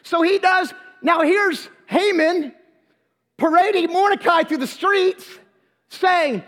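High-voiced preacher retelling a story with humor. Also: male voice, slow pace. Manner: lively, humorous, slangy retelling. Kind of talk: storytelling sermon. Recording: long hall reverb.

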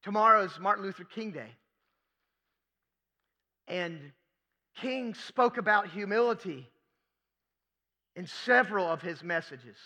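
High, bright-voiced preacher man. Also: lively intonation, measured pace, long pauses. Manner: emphatic, rhetorical questions, repeats key phrases. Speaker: pastor. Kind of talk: sermon.

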